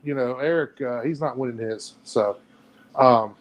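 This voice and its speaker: A man's voice: mid-range voice, a little slow, muffled recording. Easygoing, teasing podcast co-host man. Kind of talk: casual chat.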